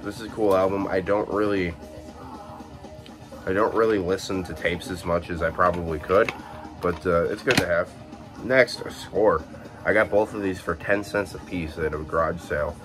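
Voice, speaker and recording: This is a casual chat from a young man in Illinois, showing off his collection shortly after waking up. He sounds relaxed, with a very low voice, lots of fillers, and quick self-corrections, while music plays faintly nearby.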